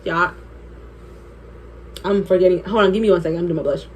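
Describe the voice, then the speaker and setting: A young woman vlogger telling an animated, profane story while doing her makeup. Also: fairly low pitch, fairly quick, slight background noise. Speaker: beauty vlogger.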